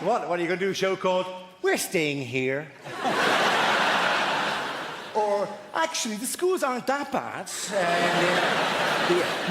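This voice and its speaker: A man doing animated stand-up comedy and chatting with the crowd on a theatre stage. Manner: animated, chatty crowd work, shrill mock voices. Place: large theatre stage, live audience. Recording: echoey theatre with loud crowd noise.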